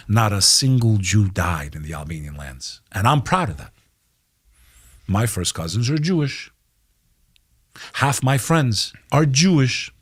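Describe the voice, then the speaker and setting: A middle-aged American man speaks with fierce conviction on a podcast, his voice sitting low and steady. He punches his points hard, curses freely and keeps calling his listener "bro". The sound is close and dry, with no room in it. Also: breathy edge, dry recording. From United States. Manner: heated, emphatic, profane, keeps saying "bro". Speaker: podcast guest. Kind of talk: impassioned podcast talk.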